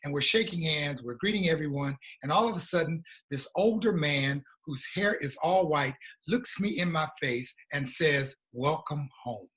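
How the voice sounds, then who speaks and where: American guy telling his story, earnest and reflective, a bit high-pitched. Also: a bit bright. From USA. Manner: earnest, reflective, slow at emotional moments. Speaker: guest, regional coordinator. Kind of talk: personal storytelling in a conversation.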